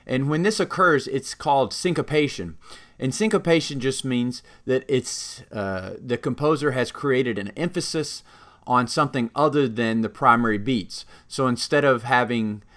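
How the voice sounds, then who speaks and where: A man's voice: mid-range voice, moderate pace, fairly bright tone. A man teaching trumpet students about rhythm, explaining carefully and singing rhythm examples on "da". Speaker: music teacher. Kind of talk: instructional talk with sung rhythm examples.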